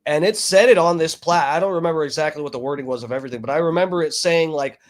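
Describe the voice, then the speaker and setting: A man with a fairly high voice rambles through casual stream commentary, cursing freely and padding his talk with fillers. He speaks into a desk microphone. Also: racing, few pauses. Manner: rambling, profane, frequent fillers. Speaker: streamer reacting to videos.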